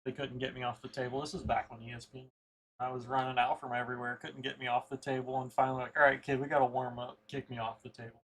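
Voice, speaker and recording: A man's voice: mid-range voice, level tone, quick pace, slightly rough, low-quality recording. A man as co-commentator on a pool match, chatting casually and reminiscing in an offhand way.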